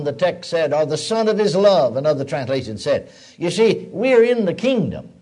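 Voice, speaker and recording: A man's voice: a little high, very animated, moderate pace, a little mellow. Older man preaching a folksy sermon. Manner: folksy storytelling preaching, rising to emphatic declarations.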